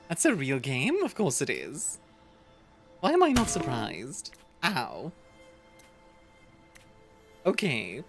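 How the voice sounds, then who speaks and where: A woman streaming a strategy game, reading game text aloud and reacting in a casual, animated way while coughing now and then. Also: extremely low pitch. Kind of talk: casual gameplay chat.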